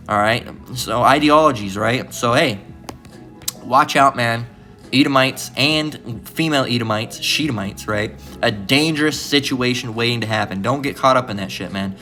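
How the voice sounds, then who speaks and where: Male preacher, mid-pitched, casual and profane, repetitive "all right?" delivery over faint background music. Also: moderate pace, sharp tone. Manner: loose and profane, tags lines with "all right?"; emphatic, often repeats himself. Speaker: preacher teaching a Bible lesson. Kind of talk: informal sermon-style Bible lesson.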